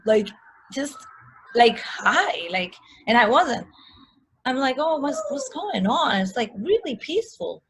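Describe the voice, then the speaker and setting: A woman telling a personal story as a guest in a casual chat, animated, full of likes and restarts. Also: mid-range voice, a little hiss or hum, rough recording.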